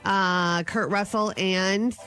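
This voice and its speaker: A woman's voice: medium pitch, fairly even intonation, slow pace, pushed and bright, soft background music. A woman co-hosting a morning radio show, chatting in a playful, chatty way. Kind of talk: casual radio banter.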